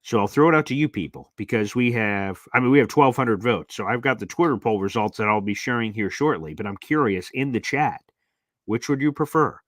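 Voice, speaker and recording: A young adult man hosting a casual live-stream chat, reading viewer comments aloud and rambling into animated stories. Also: mid-range voice, fairly quick, dry recording, studio quality. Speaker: live show host.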